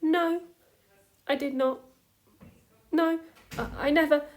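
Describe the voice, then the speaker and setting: A woman voicing a calm, friendly young man who talks firmly and reassuringly in a storybook reading. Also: fairly high pitch, measured pace.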